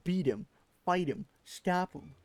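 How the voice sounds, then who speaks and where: A man's voice: sits high, expressive, slow, darkish tone, no room sound, heavily acted. A man voicing a timid, pleading little male kobold in a game, with an odd put-on accent and repeated words. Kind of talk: reading game dialogue aloud.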